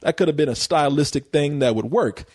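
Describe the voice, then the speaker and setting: A man's voice: on the high side, fairly quick, a little mellow, husky. Laughing, rambling male movie reviewer. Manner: laughs often, many false starts. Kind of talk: casual podcast chat.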